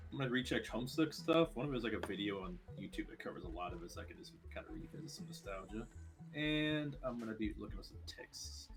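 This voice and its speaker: A man hosting a gaming stream, chatting casually and reacting with quick laughs. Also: fairly low pitch, expressive. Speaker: streamer host. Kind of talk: casual voice-chat banter. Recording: stream with music behind.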